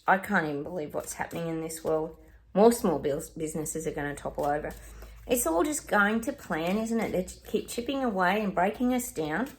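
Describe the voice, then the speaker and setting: A woman psychic chatting casually to her viewers while pulling oracle cards, talking in an exclamatory way and often addressing them directly. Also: fairly low pitch. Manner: chatty, exclamatory, talks straight to viewers as "guys". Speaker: psychic doing oracle card readings. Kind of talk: casual chat to viewers with card pulls.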